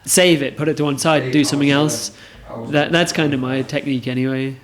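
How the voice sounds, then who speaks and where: A man's voice: mid-range voice, fairly even intonation, fairly quick, crowd noise. A man, a guest musician, chatting casually and rambling with lots of fillers. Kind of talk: casual pub chat. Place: pub.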